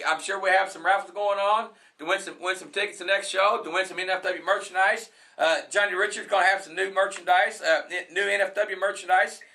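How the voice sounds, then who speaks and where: Bright, high-voiced rambling wrestling host. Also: male voice. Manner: rambling, repetitive promoter talk. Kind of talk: wrestling talk show chat.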